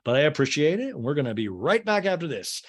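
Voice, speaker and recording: A man imitating a calm, soothing woman in a voice lower than his own. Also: quick pace.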